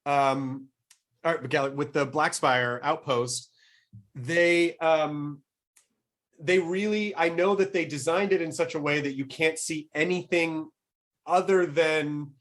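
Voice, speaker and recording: A man's voice: fairly high pitch, fairly even intonation, slow, a bit bright. A middle-aged man hosting a podcast, chatting eagerly and rambling through his thoughts with frequent restarts. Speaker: podcast host. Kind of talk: casual interview chat.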